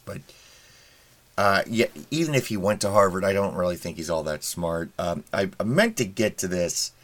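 A man's voice: low-pitched, fairly bright tone. A middle-aged man hosting a podcast, delivering a casual, sarcastic, rambling opinion monologue with wry asides. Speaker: podcast host.

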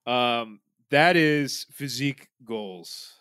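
A man's voice: mid-range voice, very slow, fairly bright tone, clear, resonant tone, dry recording, studio quality. A man co-hosting a podcast, trading loose, swearing banter with lots of fillers. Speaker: podcast co-host. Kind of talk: casual chat.

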